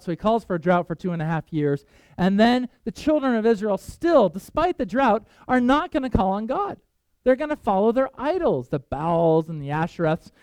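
A male pastor preaching a sermon, telling Bible stories with animated voices for the characters. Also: clear, resonant tone, dry recording. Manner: animated storytelling, voices Bible figures, pitch jumps for excitement.

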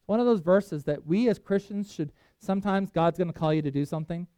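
A man preaching a sermon, reading scripture aloud with emphatic swings in loudness. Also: high voice, fairly quick, smooth, no echo. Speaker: pastor.

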